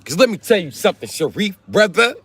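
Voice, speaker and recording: A fast-talking man with a high, husky, slightly bright voice is very animated on his livestream. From South Carolina, he reads comments and trades crude banter with his audience in casual chat.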